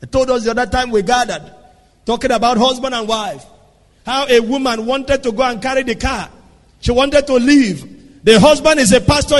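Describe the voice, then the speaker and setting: A man preaching a sermon, swinging from soft asides to shouted lines. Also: sits high, very animated, normal speed, long pauses. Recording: long hall reverb.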